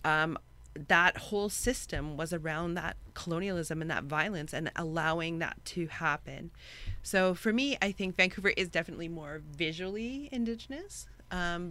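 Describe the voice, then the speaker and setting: A woman's voice: on the low side, moderate pace, pushed and bright. A woman talking as a guest in a podcast discussion, thoughtful, with many fillers and "right?" tags. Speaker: guest, university academic.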